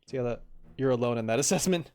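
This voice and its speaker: A man's voice: mid-range voice, fast talker, darkish tone, smooth. A male game streamer chatting casually on a live stream, joking and reading game dialogue aloud.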